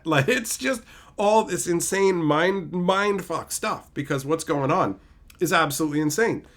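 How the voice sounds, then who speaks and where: Male streamer, excitable retelling, voice sits a bit high. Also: measured pace. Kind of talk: casual live-stream review.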